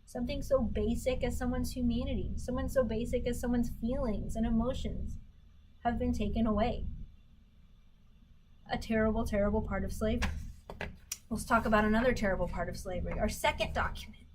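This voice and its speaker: A woman's voice: a little high, steady tone, a little fast, noisy background. A woman teaching a history lesson, who reads quotations from documents aloud and asks questions that she then answers herself. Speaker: history instructor. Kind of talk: recorded lecture on primary documents.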